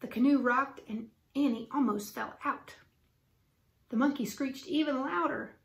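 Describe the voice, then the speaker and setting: A woman teacher reading a children's book aloud with lively, expressive storytelling. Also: high voice, a little slow, creaky. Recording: roomy echo.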